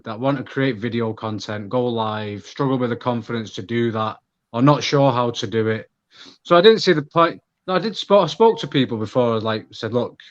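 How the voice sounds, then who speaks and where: A man with a Manchester accent rambles candidly through a casual interview, trailing off and restarting his sentences. His voice sits at an ordinary pitch. The audio comes through dull and lo-fi. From Manchester, England. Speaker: guest. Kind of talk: casual chat.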